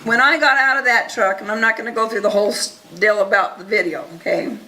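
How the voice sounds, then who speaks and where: A woman telling an audience a first-person story in an earnest, animated way, acting out the dialogue. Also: a little high, fast talker, slight background noise, low-quality recording. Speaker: speaker recounting events to an audience.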